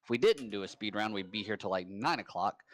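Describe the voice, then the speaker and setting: A man hosting a casual live-stream trivia game, rambling and upbeat with quick bursts of hype. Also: on the low side, lively intonation. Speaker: trivia host. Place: home.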